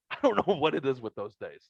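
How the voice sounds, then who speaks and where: A middle-aged man hosting a podcast, telling a story in a casual, profane and animated way. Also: medium pitch, normal speed, creaky. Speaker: podcast host. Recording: dull lo-fi audio.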